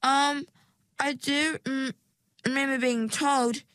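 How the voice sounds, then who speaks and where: A woman's voice: sits high, steady tone, fairly bright tone, no room sound, voice pushed up. Ringlet, a woman voicing a timid young mergirl. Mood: hesitant. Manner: hesitant, halting. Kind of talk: storybook reading.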